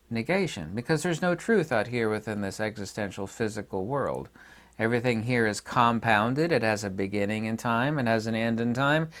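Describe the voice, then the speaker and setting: A man giving an unscripted philosophy lecture, emphatic and argumentative, who repeats points for stress. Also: fairly low pitch. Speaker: channel host.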